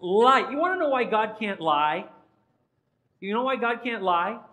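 A man's voice: high-pitched, animated, a little slow, sharp tone, rough recording. A man, a pastor, giving an interactive sermon in a church and quizzing the congregation by name in a playful way. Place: church sanctuary.

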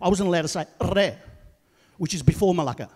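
A middle-aged man performs stand-up comedy in a large theatre, his voice pitched high and his delivery loud and animated. He shouts his punchlines and slips into quoted voices. The sound carries a long reverb from the hall. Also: fast talker, breathy edge.

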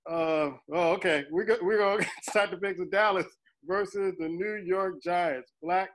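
A man hosting a casual sports talk show, reading standings and running the picks in a relaxed way with many fillers. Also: sits high, normal speed, poor audio. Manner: relaxed, filler-heavy, laughs often. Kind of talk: casual sports radio chat.

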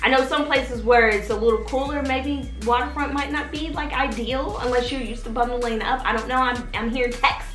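Speaking briskly with few pauses, this vlogger has a fairly high voice and fairly even intonation. She runs a casual advice channel from her Texas home, chatting straight to her audience and constantly asking "okay?" Faint background music plays in a roomy-sounding space.

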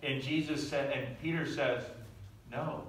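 A man's voice: high voice, moderate pace, a bit bright. A man preaching a sermon, telling the story animatedly and asking the audience questions. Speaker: pastor. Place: church sanctuary. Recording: echoey room, from far off.

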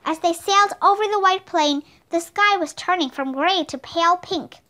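A woman narrating a children's storybook with steady, expressive reading. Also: very high voice, moderate pace. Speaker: audiobook reader.

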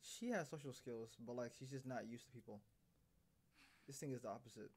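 A man's voice: mid-range voice, fairly quick, a little mellow, slightly rough. A young man casually reacting to an anime episode, swearing and laughing often. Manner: loose, profane, laughing asides.

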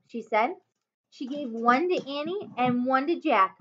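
A woman teacher reading a children's chapter book aloud, expressive, with small slips and self-corrections. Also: sits high, unhurried. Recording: dull lo-fi home recording.

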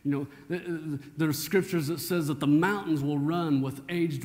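A man's voice: fairly high pitch, moderate pace, a little mellow. A man, preaching a sermon as pastor in a folksy, conversational storytelling way. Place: church sanctuary. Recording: church hall reverb.

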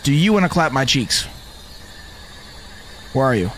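A young man streaming a video game with excited, animated commentary, often firing the same questions again and again. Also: mid-range voice, unhurried, background noise. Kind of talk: live gameplay commentary.

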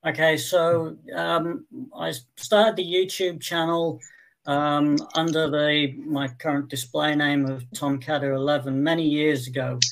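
A man being interviewed about his channel, talking in a measured, matter-of-fact way. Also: a little high, flat delivery, a bit bright, a little hiss or hum, rough recording. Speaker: guest, channel owner. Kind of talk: casual video-call interview.

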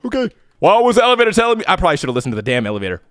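Jittery horror gamer, male, bright lively voice that shoots up into yells. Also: a little high, rapid-fire, no room sound, clean studio sound. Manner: yells and screams when scared; jittery, nervous joking. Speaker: let's play gamer. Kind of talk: horror game playthrough commentary.

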